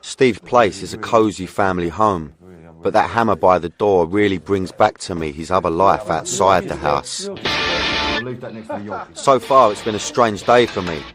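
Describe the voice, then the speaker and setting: Low documentary narrator. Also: male voice, unhurried, fairly bright tone. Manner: first-person, dramatic and tense. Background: music.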